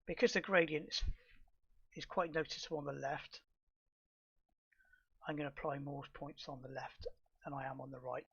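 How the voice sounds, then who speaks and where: A middle-aged man calmly explaining software steps in a tutorial, with fillers and restarts. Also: fairly high pitch, normal speed, creaky, pauses often, slightly rough, dull audio. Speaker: astrophotography tutor. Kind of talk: screen-recorded software tutorial.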